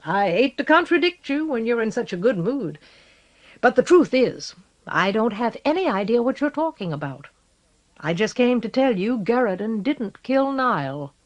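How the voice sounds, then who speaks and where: Lady doing a wry cheery courtier guy in a storybook, bright and defiant. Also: medium pitch, very animated, measured pace. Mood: mock-cheerful.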